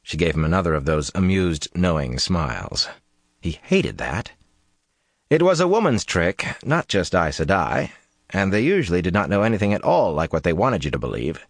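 A man with a very deep voice narrates a fantasy novel, his intonation swinging widely. His reading is measured and expressive. The recording is dry and close. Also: gravelly, dry recording. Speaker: audiobook narrator. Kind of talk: scripted narration.

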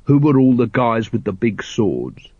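A man voicing a gloomy, dry-witted male city watch captain who talks slowly and sardonically. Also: medium pitch, sing-song, dark tone, slightly rough, no echo. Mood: sardonic. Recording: dry, slightly dull studio recording.

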